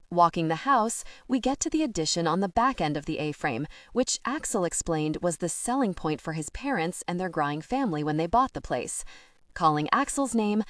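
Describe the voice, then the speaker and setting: A woman reading a first-person audiobook with expressive, lively narration. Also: fairly low pitch, dry recording, studio quality.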